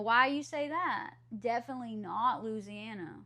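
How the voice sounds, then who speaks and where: Slow, gravelly Southern woman streamer. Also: a little high, sharp tone. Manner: chatty, answers chat questions aloud. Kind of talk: casual chat with live viewers.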